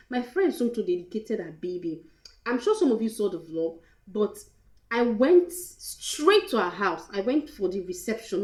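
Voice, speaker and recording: A young woman with a Nigerian accent shares a personal storytime vlog, open and emotional, dropping into pidgin phrases. Her voice is soft and mellow. The room around her sounds echoey. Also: mid-range voice. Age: young adult. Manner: candid and emotional, mixing in pidgin. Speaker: vlogger.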